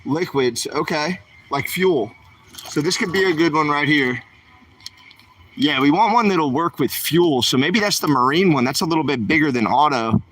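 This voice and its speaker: A man's voice: a little high, animated, normal speed, fairly bright tone, breathy edge. A man, streaming while he walks the aisles of a store, chatting and asking his viewers questions. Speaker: vlogger. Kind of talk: livestream vlog while shopping.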